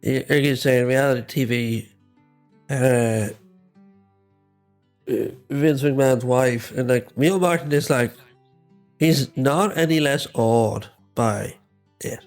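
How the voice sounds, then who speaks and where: A man's voice: medium pitch, a little mellow, soft background music. An Irish man co-hosting a podcast, chatting casually and chiming in with short agreements. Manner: unhurried, interjecting agreement. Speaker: podcast co-host. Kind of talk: casual chat.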